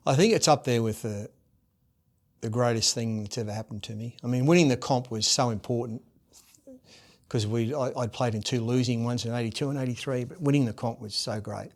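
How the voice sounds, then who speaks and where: Animated Australian man spinning yarns. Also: mid-range voice, brisk. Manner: lively anecdotes, acts out quoted voices loudly. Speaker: guest, former rugby league captain and coach. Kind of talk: animated storytelling in a podcast interview.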